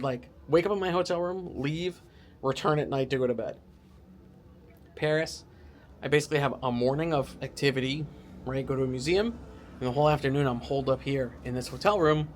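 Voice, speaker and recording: A man's voice: a little high, slight background noise. A man talking casually to the camera from a hotel room, rambling and poking fun at himself, with lots of filler words. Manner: rambling, self-mocking, full of "like" fillers. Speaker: travel vlogger.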